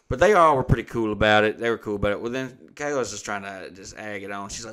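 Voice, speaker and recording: A man's voice: mid-range voice, quick pace, hardly any pauses, fairly bright tone. A young adult man hosting a podcast, telling rambling, profane anecdotes in casual chat and acting out the dialogue. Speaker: podcast host.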